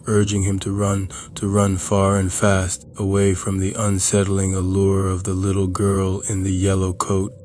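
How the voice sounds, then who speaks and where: A man reading a scripted horror story in a slow, even, measured way. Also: low-pitched, slight background noise.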